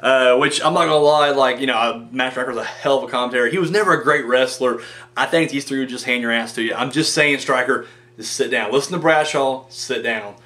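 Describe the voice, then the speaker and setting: A man's voice: mid-range voice, brisk, bright, forceful tone. A man casually reviewing a wrestling show, rambling and enthusiastic, swearing freely and acting out the wrestlers' lines in mock voices. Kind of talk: casual video review commentary.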